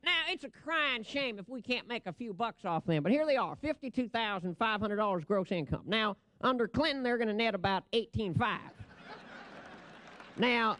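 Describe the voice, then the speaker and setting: Brash, rambling man with a high, dry voice. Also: lively intonation, moderate pace, bright, forceful tone, dry recording. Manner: brash, rambling, laughs at his own jokes. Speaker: presenter at a franchise convention. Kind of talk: comic ad-libbed stage presentation. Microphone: podium microphone.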